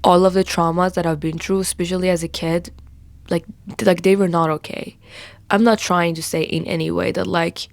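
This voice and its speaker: A woman's voice: on the low side, level tone, moderate pace, creaky, dry recording. Chatty young woman telling a story. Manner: chatty, swears casually, many fillers and quoted asides. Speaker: vlogger. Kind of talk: casual personal storytelling.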